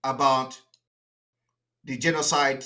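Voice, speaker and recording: A man's voice: medium pitch, flat delivery, slow, sharp tone. A Nigerian-accented man giving a combative, indignant political address on a livestream, hammering points with repeated rhetorical jabs. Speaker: political activist addressing viewers.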